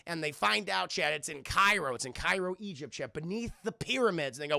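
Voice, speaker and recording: A man recapping a film for a live chat in an excitable, swearing, casual way on a desktop mic. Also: fairly high pitch, brisk, creaky, hardly any pauses, no echo, clean studio sound. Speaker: film reviewer streaming to chat.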